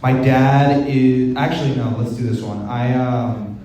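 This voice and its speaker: A man's voice: mid-range voice, level tone, a little slow, mellow. A young man doing a rambling, self-deprecating stand-up comedy set with stammered restarts. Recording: echoey room, mic heard from a distance.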